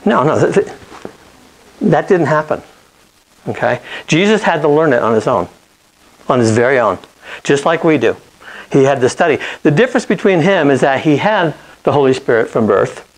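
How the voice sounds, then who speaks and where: A man's voice: on the high side, lively intonation, moderate pace, long pauses, low-quality recording. A man teaching an informal Bible lesson. He talks conversationally, often checks in with "okay?" and restarts or corrects himself mid-sentence.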